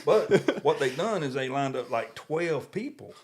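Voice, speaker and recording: A man's voice: fairly high pitch, lively intonation, unhurried, background noise. Southern country man telling stories. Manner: storytelling, laughs often, self-described country boy. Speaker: podcast co-host. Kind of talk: casual chat.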